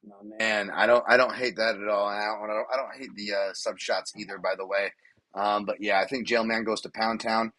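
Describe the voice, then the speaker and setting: A man hosting a podcast, chatting casually and in an animated, self-deprecating way. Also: fairly quick. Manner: animated, self-deprecating, laughs and jumps in pitch. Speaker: podcast host. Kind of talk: casual podcast chat about fight betting.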